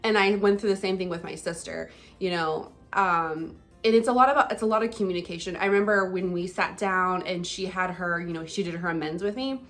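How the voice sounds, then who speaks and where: A woman's voice: on the low side, a little fast, hardly any pauses, fairly bright tone. Young woman vlogger, casual, candid, chatty with lots of fillers, faint music underneath. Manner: candid, conversational, many fillers like "like" and "um". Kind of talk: casual personal vlog talk.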